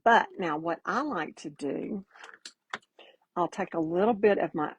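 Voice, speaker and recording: A woman's voice: on the low side, a little slow, a little hiss or hum, poor audio. A woman giving a casual live painting demo, chatty and folksy, greeting viewers by name as she works. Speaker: painting instructor.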